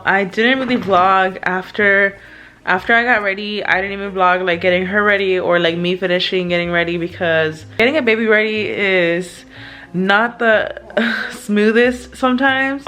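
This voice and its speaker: A woman's voice: medium pitch, fairly even intonation, normal speed, pushed and bright. A young woman vlogger talking candidly at home in a chatty way, with lots of fillers and laughs. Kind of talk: casual chat. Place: indoors at home.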